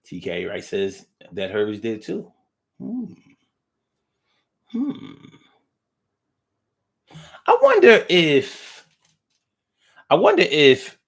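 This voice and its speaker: A man hosting a livestream, reading viewer comments aloud and musing in a casual, drifting way with frequent hums, restarts and the odd swear word. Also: lowish voice. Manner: blunt, with casual profanity.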